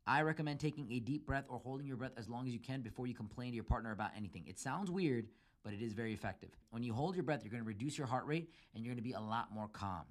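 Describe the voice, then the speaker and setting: A man talks quickly through relationship advice on his podcast, laying it out step by step. He speaks at a mid pitch and grows emphatic when he mimics a partner's complaints. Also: expressive. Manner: emphatic, acts out quoted arguments in a raised voice; lays out numbered steps. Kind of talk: solo advice talk.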